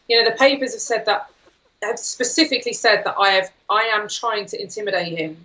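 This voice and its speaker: A woman speaking as a guest on a political talk show, forceful and indignant. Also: medium pitch, a little fast, poor audio.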